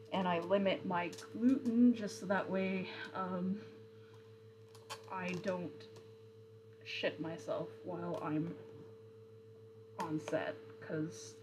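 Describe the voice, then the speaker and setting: Against a noisy background, a young woman streamer with a mid-range voice rambles through casual chat and replies to viewers' comments, often using fillers and correcting herself.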